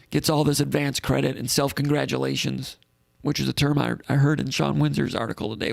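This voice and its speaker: A man's voice: a little high, creaky, dry recording, studio quality. A man hosting a live call-in sports show in a casual, rambling way, reading out comments and thinking aloud.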